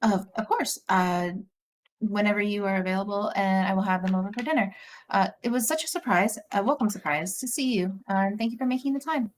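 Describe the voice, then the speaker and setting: A woman's voice: mid-range voice, a little fast, slight background noise, close to an everyday voice. A woman voicing a flustered, overly polite teenage noble girl who stammers nervously.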